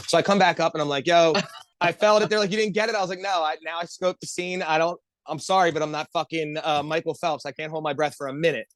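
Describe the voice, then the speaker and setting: A man's voice: a little high, no room sound. A man on a podcast telling a long, rambling story among friends, swearing constantly and talking with lots of energy. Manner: profane, animated, rambling storyteller. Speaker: podcast co-host.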